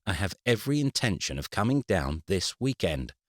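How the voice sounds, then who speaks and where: A man's voice: low voice, big pitch swings, moderate pace, no room sound, studio quality. A man voicing a harried, exasperated man in his middle years, with a strained, pleading voice. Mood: forced calm.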